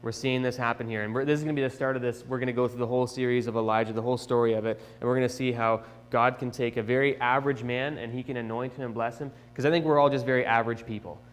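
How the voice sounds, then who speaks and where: Man, children's lesson, chatty and animated, long reverb. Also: medium pitch, racing, hardly any pauses. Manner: chatty, animated retelling, with restarts. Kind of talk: casual Bible storytelling for children. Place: church sanctuary. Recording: echoey church hall.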